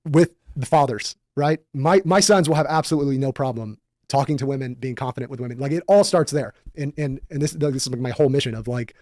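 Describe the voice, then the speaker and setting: A man's voice: medium pitch, quick pace, a little mellow, no room sound, studio quality. A man on a podcast speaking earnestly and emphatically about fathers and confidence. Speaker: podcast guest. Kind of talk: podcast debate.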